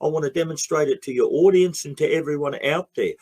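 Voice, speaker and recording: A man's voice: fairly high pitch, fast talker, darkish tone. An Australian man, a guest in a heated interview, speaking bluntly and emphatically with frequent swearing.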